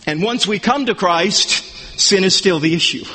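High-voiced bright preaching man. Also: normal speed, husky. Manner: emphatic preaching with repeated phrases. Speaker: pastor. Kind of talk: sermon. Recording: long hall reverb.

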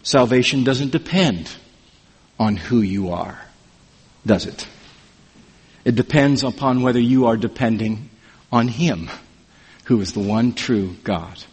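A man preaching an expository sermon, emphatic and animated, his voice rising sharply on questions. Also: mid-range voice, takes it slowly, long pauses, breathy edge. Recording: reverberant hall.

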